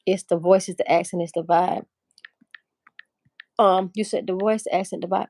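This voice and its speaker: A woman's voice: lowish voice, steady tone, moderate pace, long pauses, darkish tone, dry recording, clean studio sound. A woman hosting a casual livestream chat, talking in a candid, emphatic, profane and rambling way. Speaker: livestream host.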